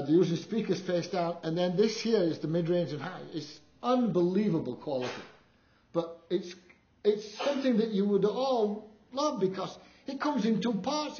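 Older male lecturer, lively raconteur, slightly high voice, dull roomy hall recording. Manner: animated storyteller, acts out quotes with big pitch jumps. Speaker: live sound engineer giving a talk. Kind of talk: anecdotal presentation to an audience.

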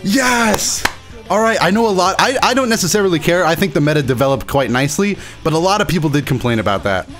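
A man reacting excitedly as a gaming YouTuber, exclaiming and repeating phrases over and over. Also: a little high, fast talker, faint music behind. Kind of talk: excited live reaction commentary.

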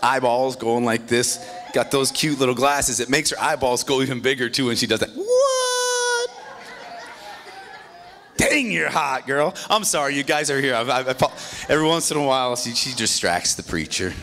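A male pastor preaching a sermon in an animated, conversational way, with joking asides. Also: mid-range voice, a little fast, a faint crowd.

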